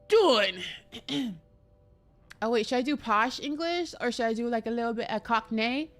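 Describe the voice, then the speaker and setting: A woman's voice: on the high side, slow pace, pauses often. Chatty woman streamer, joking with chat, faint music behind. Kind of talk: casual live gameplay commentary.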